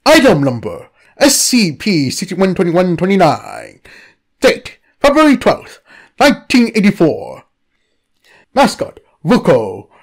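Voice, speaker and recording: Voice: medium pitch, wildly swooping pitch, takes it slowly, husky. A narrator reading a comedic anomaly file in a scripted style.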